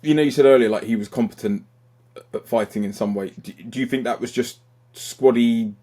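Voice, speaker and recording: A man's voice: medium pitch, a little fast, dark tone. A man co-hosting a podcast, chatting and asking follow-up questions. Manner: chatty, acts out sounds playfully. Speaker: podcast co-host. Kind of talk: casual chat, prompting questions.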